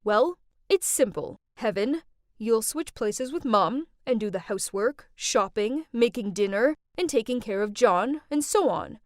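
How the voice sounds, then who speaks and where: A woman's voice: a little high, animated, a little slow, no echo, studio quality. A woman doing a stern, fed-up dad. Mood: calm explaining. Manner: firm, commanding. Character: stern fed-up father, middle-aged man.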